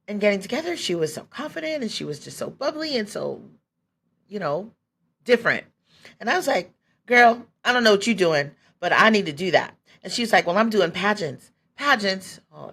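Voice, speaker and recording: This forties-aged podcast host recounts her own experiences in a relaxed, candid way, packing in fillers, laughing often and voicing what she was thinking then. Her voice is low with a fairly bright tone.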